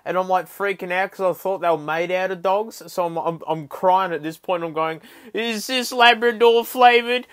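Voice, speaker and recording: Australian man, rambling silly story, slightly high voice, very dry sound. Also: fairly even intonation, fairly quick, hardly any pauses, no room sound. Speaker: vlogger testing an earbud mic. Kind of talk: absurd anecdote told as a mic test.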